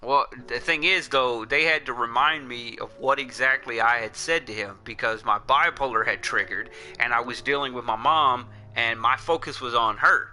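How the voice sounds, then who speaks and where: A man's voice: medium pitch, moderate pace, few pauses, sharp tone. A livestream host chatting casually, blunt and profane as he tells a rambling story. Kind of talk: casual chat.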